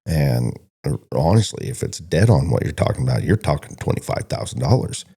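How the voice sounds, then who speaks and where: Very deep gravelly man, loose rambling talk. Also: very animated, brisk, warm tone. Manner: rambling storyteller who acts out quoted conversations. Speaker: podcast co-host, stockdog trainer. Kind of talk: casual podcast chat.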